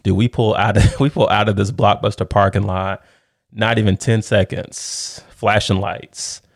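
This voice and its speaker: Middle-aged male storyteller, low gravelly voice, animated casual delivery, dry close recording. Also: unhurried, dry recording. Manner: animated, laughs often, says "dude".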